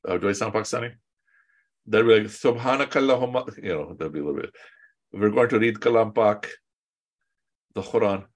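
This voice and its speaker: Deep-voiced man teaching a relaxed class. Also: a little fast, pauses often. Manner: relaxed and joking, with chatty asides. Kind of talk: casual online class teaching.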